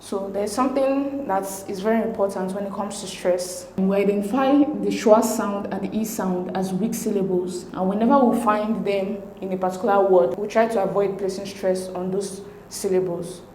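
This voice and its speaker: A woman explaining exam answers as a tutor, reading each option in a measured, methodical way. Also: medium pitch, steady tone, a little mellow. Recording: roomy echo with faint hiss.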